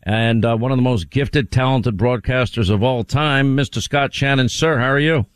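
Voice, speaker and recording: A man's voice: mid-range voice, moderate pace, clean tone, dry recording. A male radio host in casual chat, teasing and laughing often.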